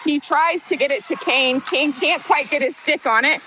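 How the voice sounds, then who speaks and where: A woman with a high, bright voice calls a youth hockey game play by play. She gets openly worked up and cheers for her side. A faint hum of ambience sits behind her. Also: normal speed, rough recording. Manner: excitable, partisan, apologizes for getting worked up. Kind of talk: amateur youth hockey commentary.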